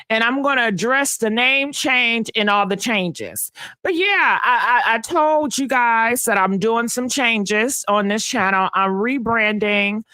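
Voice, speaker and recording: A woman hosting a live gossip stream, sassy and animated, chatting with viewers and answering comments. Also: fairly high pitch, no echo. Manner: sassy, animated, calls viewers honey and baby, laughs often. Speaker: host of a live gossip channel. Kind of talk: casual live-stream chat reading comments.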